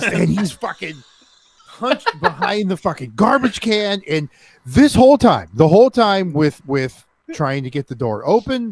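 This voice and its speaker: A man tells a rowdy story on a podcast, swearing freely and acting out each person in it. His voice sits a bit high and swings widely as he goes. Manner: swears a lot, acts out other people's voices in story. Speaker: podcast co-host. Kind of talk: animated storytelling, casual chat.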